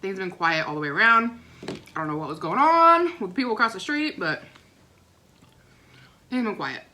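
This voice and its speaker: A young woman telling a rambling neighbor story in a casual vlog, chatty and animated. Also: mid-range voice, fairly quick, slight background noise. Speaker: vlogger. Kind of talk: casual storytime while eating.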